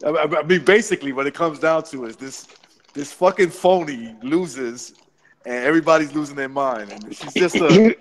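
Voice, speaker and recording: A man's voice: a little high, moderate pace, long reverb tail. A man in casual chat who talks bluntly with profanity and stumbling restarts.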